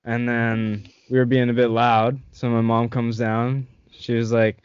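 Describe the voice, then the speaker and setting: A man's voice: medium pitch, level tone, moderate pace, hardly any pauses, clean tone, dry recording. A young man from Canada hosting a casual chat with friends, telling stories and laughing often with plenty of swearing. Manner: laughing storyteller, lots of swearing. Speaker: host. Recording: dull lo-fi dry sound.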